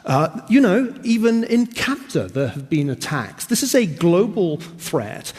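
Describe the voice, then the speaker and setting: A man's voice: sits high, sing-song, measured pace, a little mellow, husky. A man with a posh British accent, giving a sardonic and incredulous debate rebuttal. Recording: reverberant debate hall.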